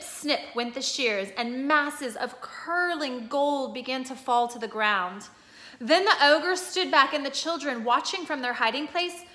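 Bright-voiced woman reading a story aloud. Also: sits high. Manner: steady expressive storytelling, pausing to explain pictures. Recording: echoey room.

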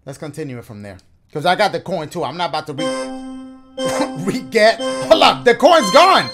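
A man's voice: fairly high pitch, sing-song, moderate pace. A man giving playful let's-play commentary on a video game, joking around and freestyle rapping along to the beat. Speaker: gaming YouTuber. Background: game music.

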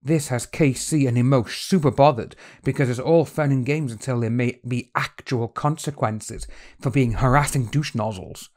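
A man's voice: medium pitch, normal speed, a little mellow. A man hosting a commentary video, talking in an exasperated, scornful way. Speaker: commentary channel host. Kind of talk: opinionated commentary.

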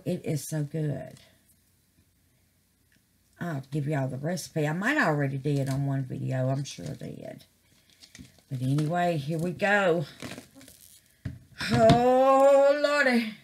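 A woman, chatting casually to camera as a crafting vlogger, excited and full of exclamations, calling her viewers "babies". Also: fairly low pitch, slight background noise.

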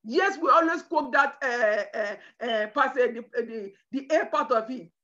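A woman preacher delivering a sermon with emphatic, shouted bursts. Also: on the high side, a little slow, highs cut off. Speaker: preacher at a women's conference.

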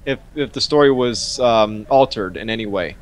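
A man's voice: on the low side, normal speed, poor audio. A man hosting a casual podcast, joking and laughing loosely as he signs off. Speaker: podcast host. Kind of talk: casual chat.

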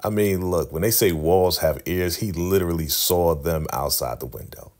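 A man casually recapping a TV episode in a chatty, animated way. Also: low voice, moderate pace. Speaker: YouTube TV recap host.

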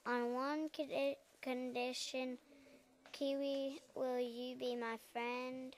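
A woman reading the lines of a gentle, friendly male lion. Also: high-pitched, flat delivery, slow, a little hiss or hum.

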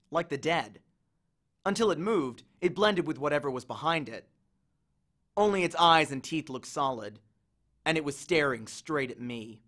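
A man reading a novel chapter aloud with an expressive, animated delivery. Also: on the high side. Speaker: audiobook reader. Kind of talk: storybook reading.

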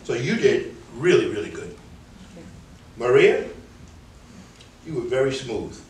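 A man with a New York accent gives a class frank, conversational feedback on their speeches, imitating their filler words as he goes. His voice sits at an ordinary middle pitch. The mic picks him up from a distance in a roomy, echoing classroom with a faint hiss behind. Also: big pitch swings, measured pace, darkish tone. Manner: candid, conversational, mimics filler words while correcting. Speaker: public speaking instructor. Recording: echoey room, mic from a distance.

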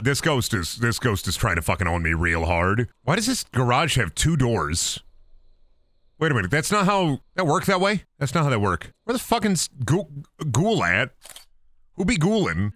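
A young man streaming a ghost-hunting game, cracking profane jokes and dropping into goofy voices as he goes. His voice is bright and lively, swinging widely in pitch, and the sound is dry and close with no room around it. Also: no room sound. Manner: joking, profane, slips into silly put-on voices. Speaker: gaming streamer. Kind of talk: casual live-stream commentary while playing.

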